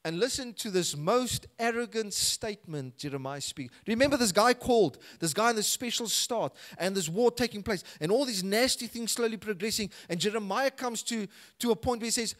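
A man's voice: high-pitched, expressive, normal speed, few pauses, a bit bright. A man preaching a sermon with a South African accent, reading scripture aloud with rising passion. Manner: impassioned, voices scripture with rising intensity. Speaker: pastor.

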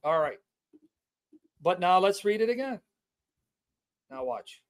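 A man's voice: high voice, very animated. A man hosting a livestream Bible teaching, reading scripture aloud and stressing key words again and again. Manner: emphatic, repeats key words to drive the point home; reads scripture aloud with slow stressed delivery.

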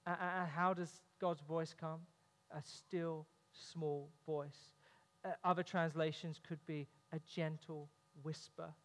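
A man's voice: fairly high pitch, level tone, slow pace, a bit bright. A man preaching a sermon in a church, earnest, with humorous family stories. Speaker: pastor. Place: church sanctuary. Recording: long reverb of a church hall.

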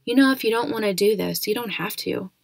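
A woman voicing a caring, practical mother in a storybook reading, gentle and reassuring. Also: medium pitch, brisk, vocal fry, no echo, clean studio sound.

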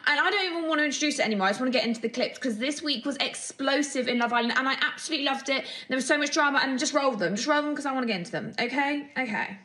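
A woman's voice: sits high, rapid-fire, few pauses, pushed and bright. A young woman hosting a casual gossip show, chatty, gushing and opinionated. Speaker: host.

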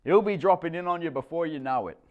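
A man's voice: fairly high pitch, quick pace, lo-fi sound, pitched above the performer's own voice, lightly acted. A man reading a story voices a hearty, matey middle-aged Australian tradie.

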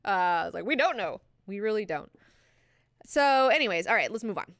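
A woman hosting a book club, talking casually and excitedly with lots of swearing and fillers. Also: medium pitch, moderate pace, no echo, clean studio sound.

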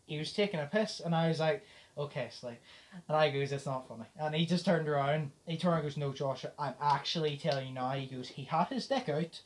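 A man's voice: a little high, brisk, a little hiss or hum. A young man hosting a podcast, telling a story in casual chat and acting out the dialogue, swearing and laughing as he goes. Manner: animated retelling, acts out the dialogue. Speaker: podcast host.

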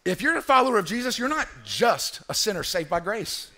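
A man's voice: high voice, very animated, fairly quick, creaky, bright, forceful tone. A man preaching a sermon as pastor in a church, emphatic and repetitive, calling on the congregation to answer him.

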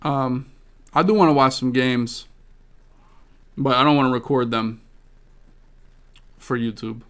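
In a clean, mid-range voice, a man hosting a gaming podcast chats informally. He swears heavily and tells rambling, spirited stories.

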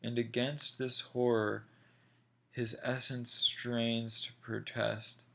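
A man reading a short story aloud in a slow, deliberate, measured way. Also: mid-range voice, little pitch movement, creaky, pushed and bright. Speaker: reader.

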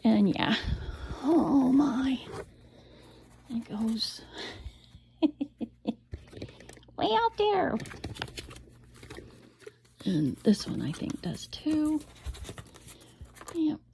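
A woman's voice: high-pitched, sing-song, drawn-out words, creaky, long pauses, dark tone, a little hiss or hum. A middle-aged woman casually showing off a handmade album, chatty and rambling, with frequent laughs and whispered asides. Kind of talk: casual show-and-tell.

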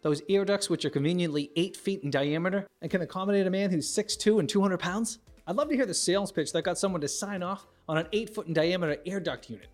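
A middle-aged man from the United States delivers an observational stand-up monologue. He jumps into higher voices to play the people in his stories. Faint music sits under him. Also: fast. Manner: animated, acts out characters with big pitch jumps. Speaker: stand-up comedian.

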